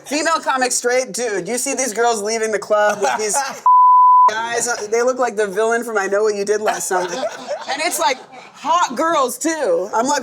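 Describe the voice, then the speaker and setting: A woman's voice: fairly high pitch, very animated, moderate pace, crowd noise. Playful joking woman comedian. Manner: joking, playful storytelling with laughter. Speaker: comedian guest. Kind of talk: casual comedic chat.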